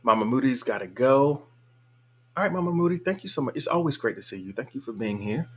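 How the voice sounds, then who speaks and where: A man's voice: medium pitch, expressive, fast, fairly bright tone, breathy edge. A man hosting a casual live stream, reading viewer comments aloud in a laid-back, colloquial way and chuckling often. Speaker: livestream host.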